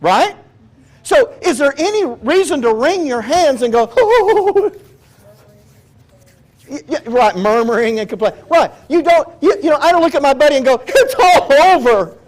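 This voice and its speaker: A man's voice: very high-pitched, expressive, fairly quick. A man preaching a sermon in a conversational, joking way, often asking his listeners questions. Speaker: pastor.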